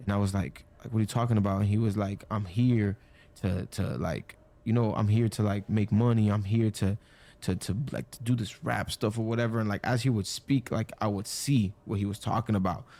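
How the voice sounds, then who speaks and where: A young man with a fairly low voice tells a story in a loose, casual way. He rambles, leans on "like" constantly, and slips into the voices of the people he quotes. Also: steady tone, brisk, dark tone. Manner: rambling, many "like" fillers, acts out quoted dialogue. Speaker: storyteller guest.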